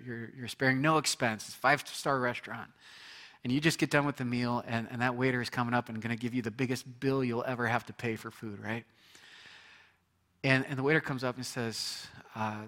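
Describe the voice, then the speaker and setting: A man's voice: medium pitch, a bit bright. A man preaching a sermon as pastor, conversational, with repetitions and asides to the congregation.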